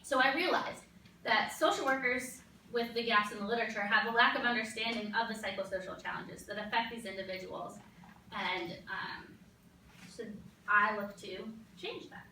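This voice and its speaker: In a classroom, a young woman gives an earnest, explanatory graduate capstone presentation with frequent ums. Her voice is fairly high, bright and forceful, with fairly even intonation and a moderate pace. It's recorded from a distance in an echoey room with a little hiss or hum.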